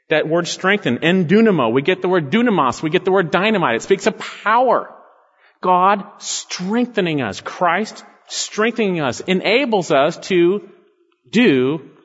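A male pastor preaching a sermon with emphatic stresses, dropping low on key words. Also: animated, unhurried, a bit bright. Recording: long hall reverb, dull lo-fi sound.

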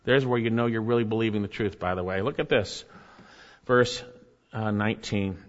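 A man's voice: lowish voice, moderate pace. A man preaching a sermon as pastor, earnest, with rising emphasis and asides to the congregation. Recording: dull, hall reverb.

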